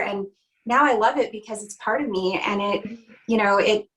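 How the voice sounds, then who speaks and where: A woman speaks earnestly as an interview guest. She tells a personal story in a heartfelt way, in a middle-pitched voice, often pausing on "you know" and "um". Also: low-quality recording. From Canada. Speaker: guest, country singer.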